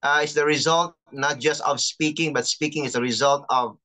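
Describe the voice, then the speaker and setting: A chaplain teaching an online class, patiently explaining and reading out terms slowly over a video call. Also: medium pitch, fairly even intonation, sharp tone. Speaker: chaplain and lecturer.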